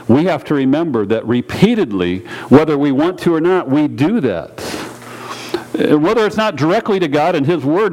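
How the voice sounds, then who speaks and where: A pastor preaching a sermon in a church, earnest and direct, repeating key phrases and putting questions to the congregation. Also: male voice, a little high, darkish tone, low-quality recording.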